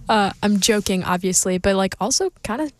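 A young woman hosts a college radio show in casual chat, sounding tired and sleepy as she giggles and jokes. Her voice is medium-pitched with no room sound.

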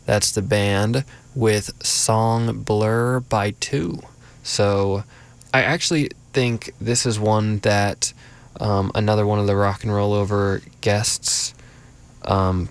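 A man's voice: lowish voice, steady tone, slow pace, clean tone. A young man hosting a college radio show, chatting casually and rambling with lots of fillers. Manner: easygoing, rambling, filler-heavy.

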